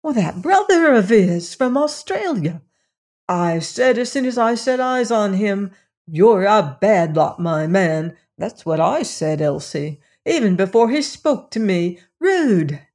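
A woman's voice: on the low side, sing-song, a little slow, gravelly, few pauses, warm tone, heavily acted. A woman voicing a chatty, gossipy young parlourmaid. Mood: indignant.

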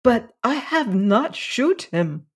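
A reader voicing a wan, childlike young woman who lisps and speaks simple broken English slowly, for a storybook reading. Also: mid-range voice, sing-song, a bit bright, husky, voice pushed up, heavily acted.

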